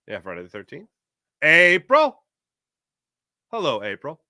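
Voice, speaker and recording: Lively sports host, bright forceful voice, dry close sound, jokey chat reader. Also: male voice, mid-range voice, normal speed, no room sound. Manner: animated, jokey, reads live chat aloud. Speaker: podcast host. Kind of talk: casual sports talk show with ad read.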